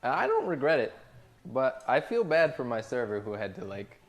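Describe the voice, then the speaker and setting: A man's voice: medium pitch, sing-song, normal speed. Exasperated, profane man ranting to chat. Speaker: restaurant cook streaming to chat. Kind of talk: casual livestream rant while cooking.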